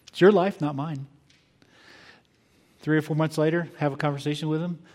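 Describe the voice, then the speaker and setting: An older male pastor delivers a heartfelt sermon, his voice sitting a touch higher than most men's. He shifts from hushed reflection to emphatic bursts. The sanctuary's long reverb trails after each phrase. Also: fairly even intonation. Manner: earnest, reflective, shifting between quiet pauses and emphatic bursts. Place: church sanctuary.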